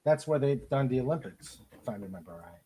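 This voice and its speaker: A woman's voice: a bass voice, animated, brisk, warm tone, breathy edge, poor audio. A woman hosting a casual chat, reading viewer comments aloud and laughing along. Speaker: host.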